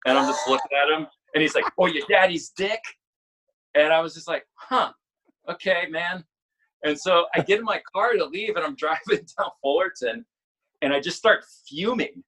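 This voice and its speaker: A man in his forties, a musician guest, telling stories in casual chat, animated, swearing freely and laughing often. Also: fairly high pitch, a little fast, slightly rough, low-quality recording.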